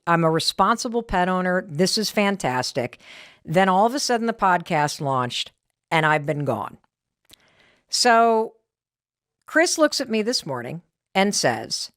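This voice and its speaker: A middle-aged woman podcast host telling a story in a casual, animated, self-deprecating way. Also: lowish voice, a little slow, dry recording, clean studio sound. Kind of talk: casual talk to listeners.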